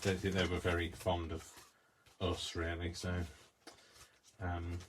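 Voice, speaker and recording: A man's voice: deep voice, completely flat delivery, slow, noisy background. A man hosting a crafting video, chatting in a rambling, self-deprecating way as he works. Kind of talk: casual chat while crafting.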